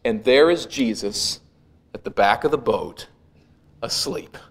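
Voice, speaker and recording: A male pastor preaching a sermon, retelling a scene with vivid, dramatic storytelling that swells and drops to a hush. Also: mid-range voice, a little slow.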